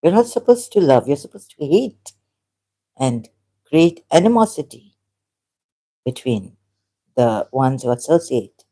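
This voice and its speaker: A solo vlogger speaking in a halting, argumentative monologue and reading passages aloud. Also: mid-range voice, big pitch swings, warm tone.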